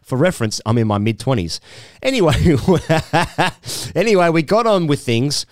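A man's voice: fairly high pitch, lively intonation, measured pace, no room sound, studio quality. A man, a podcast co-host reading a listener's letter aloud and laughing often as he goes. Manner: keeps breaking into laughter while reading.

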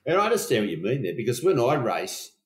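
A man hosting a podcast, chatting casually, agreeing with his guest and asking relaxed open questions. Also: medium pitch, quick pace. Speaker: podcast host. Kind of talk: casual interview chat. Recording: roomy echo.

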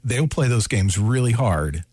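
A man's voice: mid-range voice, expressive, measured pace, a little mellow, no echo. A man from the Midwest co-hosting a sports talk show, opinionated and repeating himself while he thinks. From American Midwest. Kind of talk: casual sports chat.

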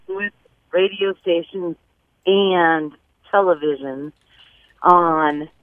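A woman's voice: fairly low pitch, no echo. Hesitant woman caller on a tinny phone line. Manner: hesitant, rambling with many fillers. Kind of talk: call-in radio complaint.

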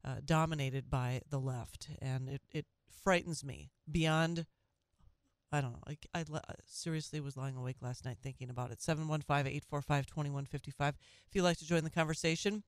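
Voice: mid-range voice, steady tone, normal speed, clear, resonant tone, no echo. A local talk radio host, delivering an earnest, opinionated monologue full of stammered restarts.

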